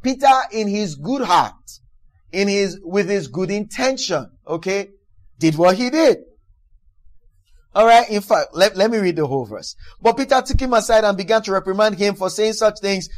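A man preaching a sermon, reading Bible verses aloud and explaining them in an emphatic way, often repeating words and building to loud exclamations. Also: high voice, lively intonation, normal speed.

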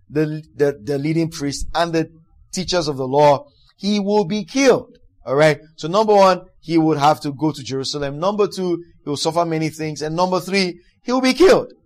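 Emphatic male preacher, fairly high voice. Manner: emphatic, repeats words, builds to loud exclamations. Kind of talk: sermon with Bible reading.

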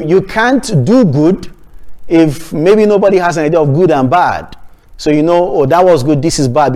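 A man's voice: fairly high pitch, darkish tone. Emphatic man preaching a sermon. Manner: emphatic, repetitive preaching with restarts. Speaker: pastor.

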